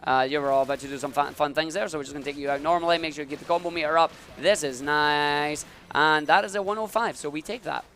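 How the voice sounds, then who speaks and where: A man's voice: on the high side, fairly even intonation, fast talker, hardly any pauses, fairly bright tone, soft background music. Give me a man narrating his own speedrun live, calling every jump and dash. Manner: upbeat, talks through each move as he plays.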